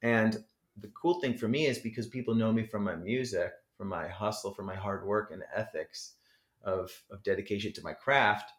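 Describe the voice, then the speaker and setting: A man from New Jersey rambles animatedly through an interview, swearing freely. His voice sits somewhat low. The room adds a roomy echo. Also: normal speed. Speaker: rapper, podcast guest. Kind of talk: casual interview chat. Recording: echoey room.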